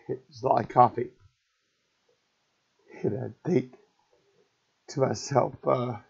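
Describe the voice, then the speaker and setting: A middle-aged man telling an emotional personal story in a halting, repetitive, raw way. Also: mid-range voice, steady tone, gravelly, a little mellow, breathy edge. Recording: dull lo-fi recording.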